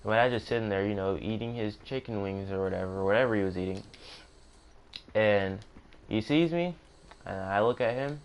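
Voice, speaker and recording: Brief: young male streamer, lowish voice, chatty storytime with asides, faint noise behind. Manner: rambling, self-correcting, joking asides. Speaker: gaming streamer. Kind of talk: casual storytime narration.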